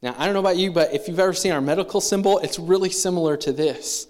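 A man's voice: high-pitched, fast, darkish tone. A man preaching a sermon in a conversational way, acting out the voices he quotes. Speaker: pastor.

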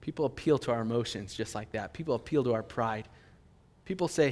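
A male pastor preaching a sermon in an animated, emphatic way. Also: medium pitch, fairly quick. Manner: animated, emphatic, with fillers and restarts. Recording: long hall reverb.

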